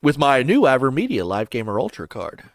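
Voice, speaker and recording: A man's voice: medium pitch, huge pitch swings, fairly quick, no room sound. A man hosting a video game podcast in casual chat, talking in a loose, chatty way with restarts. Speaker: podcast host.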